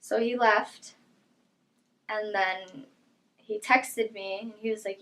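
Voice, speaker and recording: Young woman, interview testimony, mid-pitched, soft and halting with trailing phrases. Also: fairly even intonation, poor audio. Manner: quiet, halting storytelling with soft trailing lines. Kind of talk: personal testimony.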